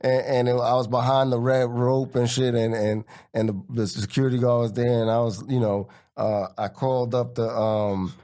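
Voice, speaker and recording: A man's voice: medium pitch, normal speed, hardly any pauses. A man, a guest comedian in casual barbershop podcast chat, telling stories and acting out other people's voices. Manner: animated storyteller, acts out quoted voices.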